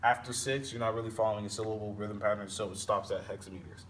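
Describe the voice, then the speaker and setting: A man walks through poetry meter in a halting, patient way, correcting himself as he goes. He sounds set back from the microphone, with a faint hiss of background noise. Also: lowish voice, steady tone, recorded from a distance. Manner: slow, halting explanation with self-corrections. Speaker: teacher.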